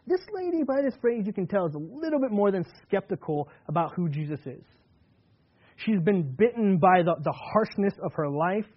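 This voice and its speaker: A male pastor preaching a sermon in a relaxed, conversational way, slowing down to read scripture aloud with emphasis. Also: sits high, slightly rough, muffled recording.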